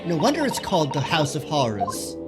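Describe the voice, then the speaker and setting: A man voicing a polite, eager young woman assistant in a game, speaking in a prim, earnest way with sudden bursts of excitement. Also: fairly high pitch, fairly quick, loud music behind the voice. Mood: dramatic alarm.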